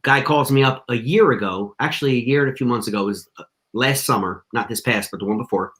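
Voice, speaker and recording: A man's voice: medium pitch, fast talker, fairly bright tone. A man talking as a podcast guest, telling a story in a casual, slangy way full of "you know" and "dude".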